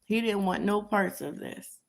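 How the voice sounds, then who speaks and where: Gravelly-voiced woman giving a chatty tarot reading. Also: medium pitch, a little slow. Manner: repetitive, emphatic, chatty; laughs at her own reading. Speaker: tarot reader. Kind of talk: casual tarot reading commentary.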